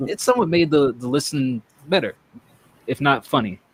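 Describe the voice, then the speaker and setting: A man's voice: mid-range voice, expressive, moderate pace, slightly rough. A man hosting a casual chat show, rambling and joking as he talks. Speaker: podcast host. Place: North Texas.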